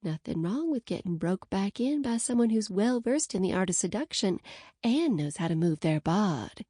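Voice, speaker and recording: A woman's voice: high voice, lively intonation, a little slow, darkish tone, no room sound, clean studio sound, voice pushed up. A woman voicing a playful, teasing young bride-to-be in an audiobook, bubbly and pushy. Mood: coaxing. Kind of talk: audiobook character voice.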